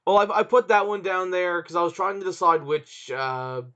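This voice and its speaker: A man's voice: high voice, fairly bright tone, clean tone. A man co-hosting a casual podcast chat, hesitant and searching for words. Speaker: podcast co-host. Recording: dull lo-fi sound.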